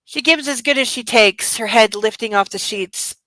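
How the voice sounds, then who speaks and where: A woman's voice: a little high, moderate pace, sharp tone, dry recording, low-quality recording. A woman reading a novel aloud and breaking off into indignant, sarcastic commentary with blunt swearing. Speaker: book club reader and commentator.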